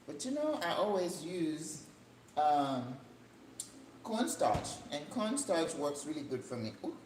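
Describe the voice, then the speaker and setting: An older woman hosting a cooking channel, chatting casually as she cooks in her home kitchen, rambling and breaking into excited high notes. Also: slow pace. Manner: chatty, rambling, with sudden excited jumps in pitch. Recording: echoey room with faint background hum.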